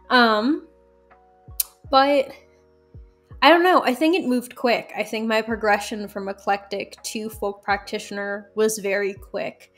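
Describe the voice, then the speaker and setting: Chatty, animated woman guest. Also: medium pitch. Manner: animated, chatty, laughs often, many fillers. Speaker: guest, folk magic practitioner. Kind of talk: casual interview chat.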